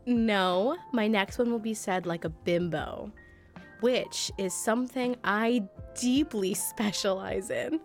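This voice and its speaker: A woman's voice: medium pitch, slow pace, soft background music. A woman co-hosting a casual podcast, bubbly and giggling often between lines. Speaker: podcast co-host. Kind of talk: casual chat, party game.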